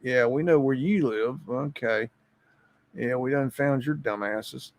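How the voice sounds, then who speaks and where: A creepy, menacing man with an odd accent drawls out his words slowly, as a man mimics him. The voice sits at an ordinary pitch. The sound is dry and close. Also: no echo, close to an everyday voice. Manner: slow, ominous delivery.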